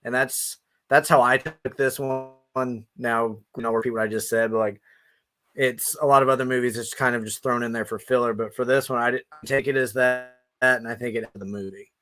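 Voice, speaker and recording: A man's voice: medium pitch, steady tone, fairly quick, a bit bright. A man co-hosting a podcast in casual chat, hesitant and repeating his words. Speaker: podcast co-host.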